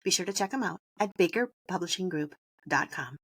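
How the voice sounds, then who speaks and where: A woman hosting a podcast, upbeat and quick to laugh as she introduces the show and her guest. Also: fairly low pitch, animated, breathy edge. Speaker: podcast host. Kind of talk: casual podcast intro and chat.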